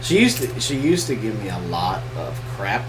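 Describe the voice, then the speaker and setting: A man's voice: lowish voice, sing-song, moderate pace. A man co-hosting a casual live question-and-answer chat, joking and teasing as he talks. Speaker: co-host of homestead channel. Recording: distant mic with noisy background.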